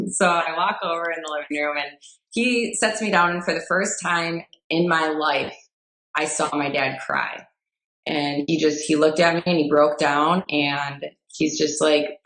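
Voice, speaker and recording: A woman's voice: on the low side, measured pace, fairly bright tone. A woman with a Midwestern American accent, a fitness trainer telling a personal story as a guest in a chatty way with many fillers. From Wisconsin, USA. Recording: roomy echo.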